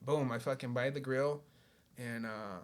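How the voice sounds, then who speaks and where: A podcast guest tells his life story in a laid-back way, swearing often and saying "you know" a lot. His mid-range voice is steady, and he speaks at a measured pace.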